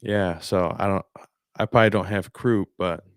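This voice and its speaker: A man's voice: low-pitched, normal speed, dry recording, studio quality. A man co-hosting a casual podcast with easygoing short replies, losing his voice as he comes down with a cold. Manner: laid-back, brief replies. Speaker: podcast co-host. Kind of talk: casual live podcast chat.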